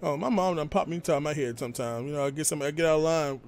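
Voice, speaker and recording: A man's voice: on the high side, quick pace, faint music behind. A man hosting a charity live stream, talking in an earnest, rambling, down-to-earth way.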